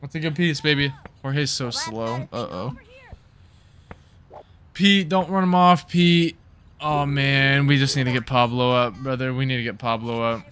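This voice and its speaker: A man hosting casual gameplay commentary, excitably cheering his players on by name. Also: medium pitch, unhurried. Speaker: gaming channel host.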